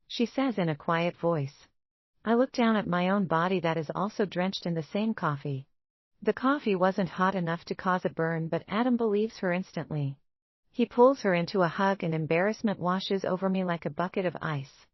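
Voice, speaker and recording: A woman reading a first-person romance novel aloud in a measured, even way. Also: lowish voice, dry recording, highs cut off. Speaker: audiobook narrator.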